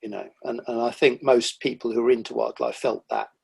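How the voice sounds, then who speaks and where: A middle-aged man, a guest on a podcast, telling animated stories about the wildlife he sees, with lively quoted asides. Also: mid-range voice, a little fast, creaky, breathy edge. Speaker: guest, nature writer. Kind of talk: casual conversational interview.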